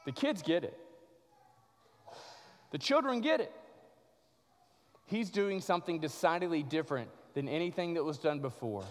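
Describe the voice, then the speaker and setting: A male pastor preaching a dramatic sermon, swinging from loud passages to hushed ones, in a church sanctuary. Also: a little high, long reverb tail.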